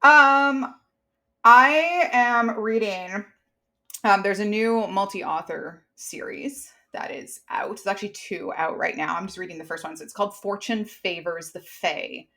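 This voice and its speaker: A woman's voice: mid-range voice, a little slow, sharp tone. A woman co-hosting a romance book podcast, describing a book she loves in an enthusiastic, chatty way. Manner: enthusiastic, chatty, slips in quoted asides. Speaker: podcast co-host. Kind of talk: casual chat.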